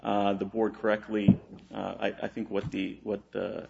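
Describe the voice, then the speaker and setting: Gravelly low-voiced man arguing in court. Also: level tone, normal speed, lo-fi sound, very noisy. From Texas. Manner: hesitant, many fillers and restarts. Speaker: attorney arguing an appeal. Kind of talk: courtroom oral argument.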